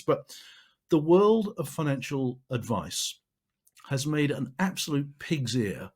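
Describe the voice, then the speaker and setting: A man giving a marketing training talk, emphatic and repeating phrases for stress. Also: mid-range voice.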